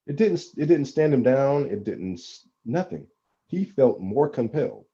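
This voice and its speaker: Slow, halting man with a mellow voice. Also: mid-range voice, big pitch swings. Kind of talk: casual discussion. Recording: dull, muffled audio.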